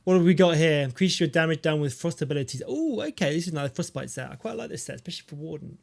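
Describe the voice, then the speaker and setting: Brief: joking game streamer, casual commentary, slightly raised pitch. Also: male voice, expressive, rapid-fire, vocal fry. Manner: chatty, joking.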